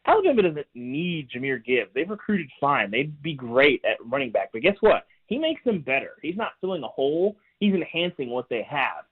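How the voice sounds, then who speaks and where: A man's voice: on the high side, big pitch swings, normal speed, hardly any pauses, slightly rough. A man calling in as a guest on a sports radio show, chatty and wry, laughing at his own jokes. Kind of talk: casual sports radio chat. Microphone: phone call. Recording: tinny phone line.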